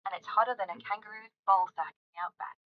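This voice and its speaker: A woman's voice: mid-range voice, dull audio, lightly acted. A synthetic woman's voice playing a crude, foul-mouthed female AI chatbot that fires off raunchy banter. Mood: brash. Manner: brash, rapid-fire raunchy banter.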